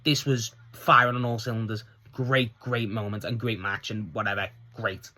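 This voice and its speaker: A man casually reviewing a wrestling show on his own, excitable and swearing freely as he recounts the segments. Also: lowish voice, moderate pace.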